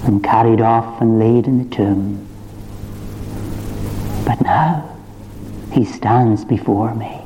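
A man's voice: lowish voice, steady tone, takes it slowly, pauses often, dark tone, slight background noise. A man preaching a sermon, retelling the story with rising fervour. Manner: impassioned, rising to fervent climaxes. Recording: dull reverberant church recording.

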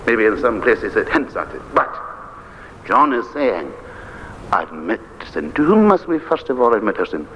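A man's voice: mid-range voice, sing-song, normal speed, fairly bright tone. An older man, a minister preaching an earnest, emphatic sermon. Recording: dull lo-fi archive recording with faint hiss.

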